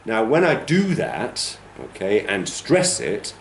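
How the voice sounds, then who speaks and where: Low-voiced man lecturing in an echoey classroom. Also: huge pitch swings, takes it slowly, vocal fry, a little hiss or hum. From United Kingdom. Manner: explanatory, demonstrates stress patterns aloud. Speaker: teacher trainer.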